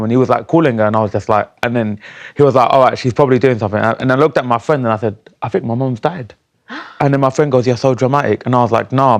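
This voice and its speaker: A young man tells his story candidly to a studio host. He relays the exchanges as dialogue and reads his verse slowly and steadily. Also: mid-range voice. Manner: candid storytelling, quoting others in conversation. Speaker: guest poet. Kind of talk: studio interview and recited poem.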